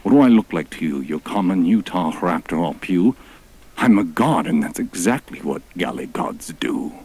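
A man's voice: low-pitched, lively intonation, moderate pace, darkish tone, breathy edge, exaggerated voice. A man voicing a pompous, crude male dinosaur god who makes grandiose rhyming proclamations. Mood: haughty.

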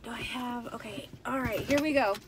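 Speaking at normal speed in a voice on the high side, this purse reseller vlogger films a haul at night in a dim indoor room, with background noise audible. She chats casually, mutters to herself in frustration, and addresses viewers as "you guys" and "y'all."

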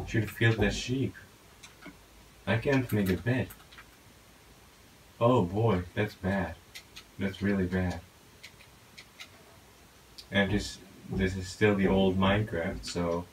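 Gaming channel host, man, very low voice, chatty self-talk commentary, faint hiss behind. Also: poor audio. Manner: talks to himself, excitable outbursts. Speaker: gaming YouTuber. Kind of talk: casual gameplay commentary.

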